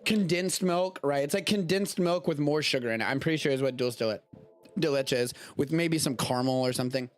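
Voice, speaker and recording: A man's voice: a little high, brisk, faint music behind. A man hosting a live show in casual chat, loose and rambling as he talks, swearing offhandedly now and then. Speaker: show host. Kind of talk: casual chat, tasting food. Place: home studio during a live stream.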